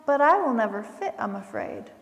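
A woman voicing a gentle, worried father possum, reading a storybook aloud in a church. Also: very high-pitched, normal speed, full character voice. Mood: steady. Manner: calm, reassuring storybook reading. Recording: long church reverb.

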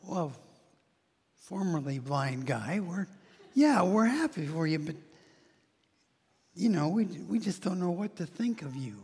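A man's voice: high voice, big pitch swings, measured pace, long pauses, a little mellow, breathy edge, in a large hall, heavily acted. A man putting on the voices of doubtful male neighbors, who speak hesitantly and mumble through many fillers.

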